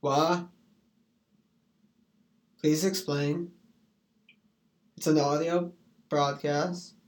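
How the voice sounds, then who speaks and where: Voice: mid-range voice, little pitch movement, drawn-out words. A streamer rambling in a casual chat, goofy, breaking into sing-song rhymes and silly put-on voices.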